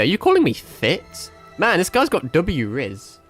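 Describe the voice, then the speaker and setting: A man's voice: high-pitched, wildly swooping pitch, measured pace, breathy edge, faint music behind. Rambling, sweary British-born streamer, a man. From Britain. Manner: rambling, sweary, self-mocking. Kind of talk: casual gameplay commentary.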